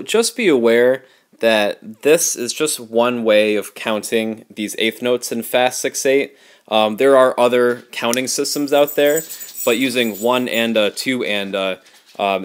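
A man gives a relaxed online music lesson at a middle pitch. He explains things patiently and often counts the beats out loud to show a rhythm. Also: moderate pace. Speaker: music teacher.

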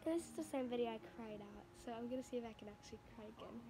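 High-voiced rambling female vlogger. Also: steady tone, rapid-fire. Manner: rambling, chatty, gushing and emotional. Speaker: vlogger reacting to videos. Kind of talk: casual reaction vlog. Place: at home in front of a TV. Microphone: phone camera.

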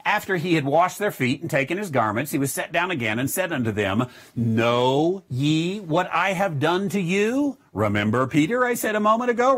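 A middle-aged man teaching a Bible lesson verse by verse, with a slightly husky voice. His pitch rises and falls lively as he stresses words while reading scripture and explaining it. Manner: reads scripture aloud then explains it, animated emphasis.

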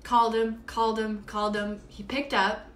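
A woman's voice: on the high side, little pitch movement, moderate pace, a bit bright, slight background noise. An exhausted woman hosting a live stream from home, chatting in a rambling way with plenty of fillers. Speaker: podcast host doing a live stream. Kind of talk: casual live-stream monologue. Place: at home, indoors. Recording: roomy echo, faint background ambience.

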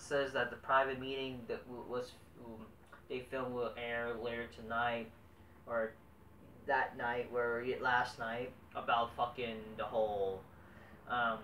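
A young man rambles through a casual, profanity-laced show recap in a bright, forceful voice. He sits well back from the mic in an echoey room with a faint hiss behind him. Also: mid-range voice, far from the mic. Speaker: wrestling show reviewer. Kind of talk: casual vlog review.

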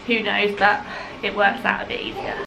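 A woman's voice: medium pitch, flat delivery, normal speed, vocal fry. A young woman chatting casually to camera at home, rambling along with plenty of ums. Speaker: mum vlogger. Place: family home, indoors. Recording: dull lo-fi audio with background noise.

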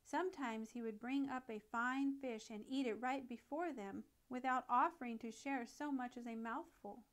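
A woman reads a classic children's nature story aloud with a gentle, expressive storyteller's touch. Her voice sits a little higher than most. The delivery is a careful, warm-paced storybook narration. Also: normal speed, few pauses.

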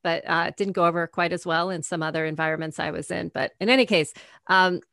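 A woman's voice: fairly low pitch, fairly even intonation, fast, gravelly, a bit bright, dry recording, clean studio sound. A woman in her forties, an author guest in an interview, talking animatedly, acting out bits of dialogue and laughing often. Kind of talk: conversational interview.

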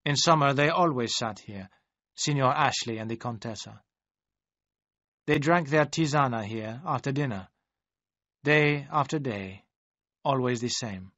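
A man voicing a polite, worried male servant at a villa, speaking formally with careful, halting phrasing. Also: mid-range voice, fairly bright tone, no room sound. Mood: gentle. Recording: dry, slightly dull audio.

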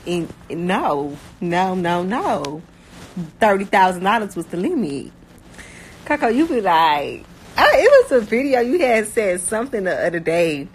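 A young woman from Miami with a Miami accent, chatting casually and bluntly, talking fast with lots of slang and filler words. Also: medium pitch, big pitch swings, slight background noise, poor audio. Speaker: rapper talking about her life. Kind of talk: casual chat.

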